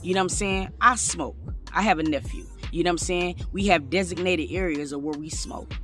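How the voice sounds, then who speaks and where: A man's voice: sits high, fairly quick, pushed and bright, faint music behind. A man doing casual reaction commentary, chatty and emphatic, talking straight to his viewers. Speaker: commentary vlogger.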